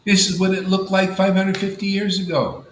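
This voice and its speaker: A man giving an informal devotional talk to a gathering, casual and animated, often saying "man" and "you know". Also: sits high, normal speed, reverberant, a little hiss or hum, low-quality recording. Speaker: spiritual teacher.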